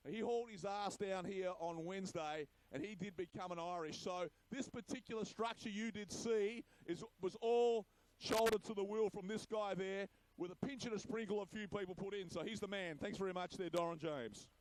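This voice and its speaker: A man, emceeing an awards ceremony in a jokey, boisterous way and hushing the crowd. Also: high-pitched, normal speed, no echo, rough recording. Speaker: master of ceremonies.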